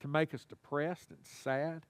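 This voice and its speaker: A man preaching a sermon, animated and folksy, calling on the congregation to answer him. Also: fairly high pitch, a little slow, smooth. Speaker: pastor. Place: church sanctuary.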